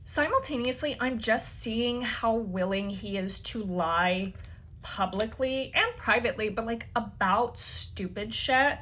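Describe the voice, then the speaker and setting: Female interview guest, higher register, loose conversational storyteller, lots of filler words and profanity. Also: unhurried, a bit bright, slight background noise. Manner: chatty, heavy use of "like" fillers, swears freely. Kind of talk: casual storytelling.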